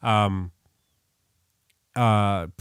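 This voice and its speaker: Speaking very slowly in a steady, fairly low voice with a clean tone, this New York podcast co-host rambles earnestly through a Bible passage, frequently restarting and self-correcting. It's a casual Bible study conversation, recorded dry at studio quality.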